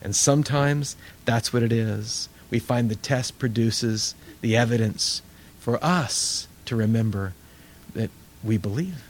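Middle-aged male pastor, conversational sermon delivery, animated storyteller. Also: medium pitch, a little slow, a little hiss or hum.

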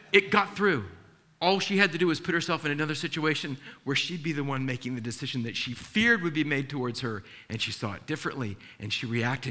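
A middle-aged male pastor preaching a sermon, telling stories in an animated, earnest and emotional way and acting out the dialogue. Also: mid-range voice.

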